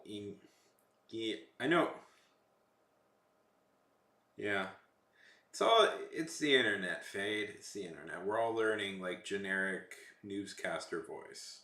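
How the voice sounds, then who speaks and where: A man from Texas talks casually on a livestream, rambling and joking with a bright, lively voice that rises and falls a lot. The room around him is echoey. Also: lowish voice, measured pace, creaky. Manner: rambling, jokey, chatty. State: slightly sick. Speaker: streamer.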